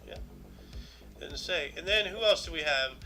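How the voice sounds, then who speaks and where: A man's voice: fairly high pitch, animated, moderate pace, music in the background, low-quality recording. A man co-hosting a casual show, reading out history entries in a chatty way and wondering aloud. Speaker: podcast co-host.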